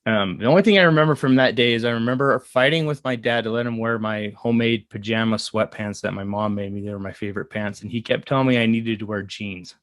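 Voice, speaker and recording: A man in his thirties telling a personal story in an earnest, halting way, with many fillers and restarts. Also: lowish voice, a bit bright, no echo. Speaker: guest. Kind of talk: casual storytelling.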